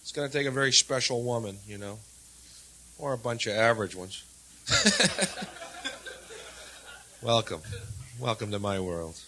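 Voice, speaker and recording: A man from the United States doing a sardonic stand-up set, swinging from low mutters to loud jabs on a handheld stage mic. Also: moderate pace, slight background noise. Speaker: stand-up comedian.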